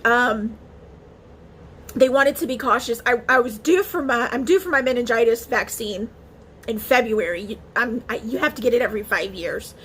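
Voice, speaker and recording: Chatty woman vlogger with a high voice. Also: normal speed, fairly bright tone, a little hiss or hum. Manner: chatty and emotional, with restarts and fillers. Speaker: beauty vlogger. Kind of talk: casual chat to camera.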